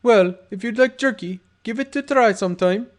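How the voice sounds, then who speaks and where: A man's voice: high voice, normal speed, pitched above the performer's own voice, natural voice. A man voicing a menacing, crude male pony gangster in a fan audiobook, taunting and swaggering.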